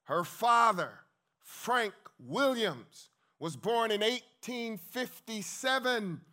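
High, bright-voiced male preacher. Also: expressive, takes it slowly. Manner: emphatic, calls out to the congregation. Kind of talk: lively sermon. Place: church hall with congregation.

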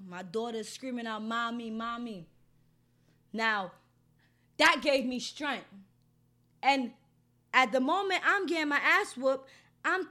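A woman's voice: high voice, bright, forceful tone. A woman telling her own story casually, in a blunt, heated and heavily profane way. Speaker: storyteller recounting an assault.

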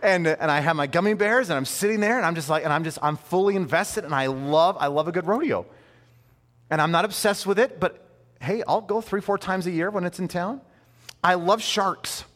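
A man in his thirties preaching a sermon in a conversational, animated way, with playful asides. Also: sits high, in a large hall. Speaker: pastor.

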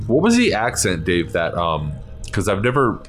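A man's voice: low voice, huge pitch swings, normal speed. A man hosting a podcast in a casual chat, rambling and swearing and laughing a lot. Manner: rambling, profane, laughing often. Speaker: podcast host.

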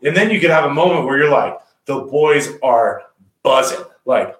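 A man and former rugby captain, breaking down rugby play in casual podcast talk and acting out players' voices with energy. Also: medium pitch. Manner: animated, acts out players' talk in quick voices. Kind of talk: casual sports podcast analysis. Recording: roomy echo.

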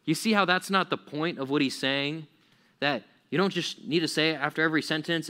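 A male pastor giving a relaxed sermon to young listeners, in a slightly high voice. His tone is bright and forceful, and his delivery is chatty, with plenty of "like" fillers and frequent laughs. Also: brisk. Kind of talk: casual youth sermon.

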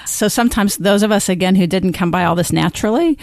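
Middle-aged female co-host, mid-pitched, expressive, laughs easily. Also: fast talker, dry recording. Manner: warm, expressive storytelling with frequent laughs. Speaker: podcast co-host. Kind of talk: conversational interview.

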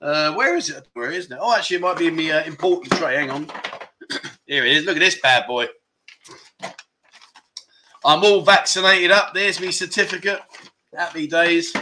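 A man's voice: a little high, normal speed, pauses often, background noise. A man in his fifties hosting a casual livestream chat show, rambling and joking as he reads out viewer comments. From United Kingdom. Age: 50s. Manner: chatty, jokey, rambling with lots of asides. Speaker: livestream host.

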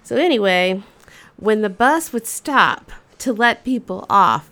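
A woman in her fifties hosting a show, telling a comic personal story in an animated, dramatic, conversational way. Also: on the high side. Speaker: storyteller host.

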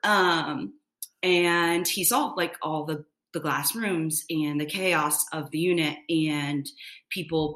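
Candid, bright-voiced woman nurse in an echoey room. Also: low-pitched. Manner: candid, lots of filler, swears freely. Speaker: nurse guest. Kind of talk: casual storytelling.

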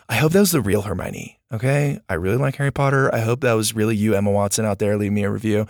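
A man's voice: fairly low pitch, fast talker, few pauses, a little mellow, no room sound, clean studio sound. A man hosting a podcast, chatting casually with listeners in an upbeat, gushing way as he thanks them. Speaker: podcast host. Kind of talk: casual outro chat with listeners.

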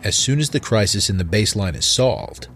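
A man's voice: on the low side, animated, a little fast, a bit bright, a little hiss or hum. A man voicing a nervous, bumbling male scientist who stammers and hesitates. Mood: announcing.

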